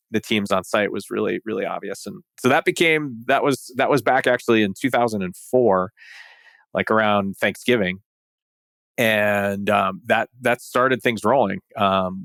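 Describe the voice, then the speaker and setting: A man's voice: fairly low pitch, a bit bright, no echo. A man, a startup founder, telling his story in a casual interview, rambling with many restarts. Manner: rambling, full of restarts and fillers.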